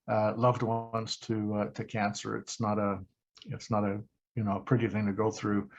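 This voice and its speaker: A man's voice: medium pitch, lo-fi sound. A man speaking on a video call to a support group, hesitant, with many fillers. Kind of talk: casual remarks on a video call.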